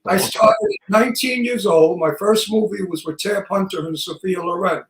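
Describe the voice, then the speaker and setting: A man in his eighties with a Brooklyn accent, co-hosting an interview and telling gruff, salty jokes and stories. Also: high-pitched, moderate pace, a little hiss or hum. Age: 80s. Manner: gruff, salty joking storyteller. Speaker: co-host. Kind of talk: casual interview chat. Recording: roomy echo.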